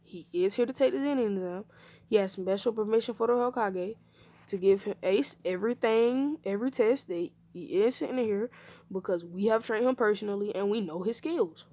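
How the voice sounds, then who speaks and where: A woman's voice: medium pitch, brisk, lightly acted. Woman doing a laid-back older ninja dad. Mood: calm explaining. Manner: relaxed, calming.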